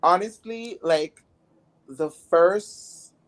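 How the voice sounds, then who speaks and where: A woman's voice: fairly low pitch, very slow. Blunt, rambling woman guest. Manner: blunt, rambling, frequent "like" fillers. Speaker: interview guest. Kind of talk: casual candid conversation.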